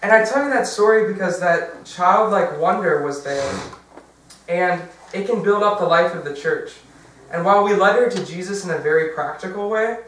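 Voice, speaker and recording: A man's voice: fairly high pitch, a bit bright, slight background noise. Chatty man in an echoey church. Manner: casual, chatty, with fillers and self-corrections. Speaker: diocesan workshop presenter. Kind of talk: conversational workshop talk. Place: large church hall. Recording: very echoey, from far off.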